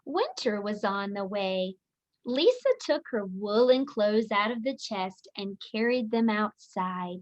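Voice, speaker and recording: A woman teacher reading a picture book aloud to children, speaking clearly and expressively. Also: medium pitch, lively intonation, slow pace. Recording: dull lo-fi audio.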